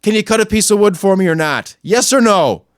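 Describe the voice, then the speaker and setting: Ranting podcast host, male, high-pitched, dry close sound, crude and angry, mutters then yells. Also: animated, brisk, dry recording. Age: adult, not much older than a young store clerk. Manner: angry, crude, swings between muttering and yelling. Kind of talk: profane ranting monologue.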